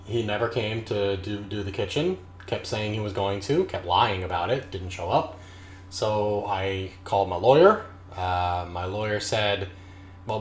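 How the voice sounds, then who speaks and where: A man ranting profanely on a casual live stream while brewing beer in his kitchen, swinging from muttering to shouting. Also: on the low side, roomy sound. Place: home kitchen.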